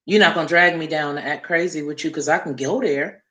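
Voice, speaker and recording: A woman's voice: sits low, brisk, bright, forceful tone, echoey room. A woman hosting a casual livestream, talking emphatically and repeating points for effect. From Southern United States. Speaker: livestream host.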